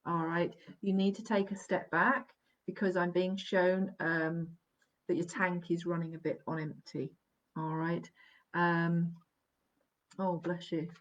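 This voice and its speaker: A woman giving a live psychic reading, gentle and reassuring, often checking in and laughing softly. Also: fairly low pitch, little pitch movement, takes it slowly. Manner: gentle, reassuring, keeps checking in with "all right?" and "okay?"; laughs softly between sentences. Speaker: psychic medium. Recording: dull, lo-fi live stream audio.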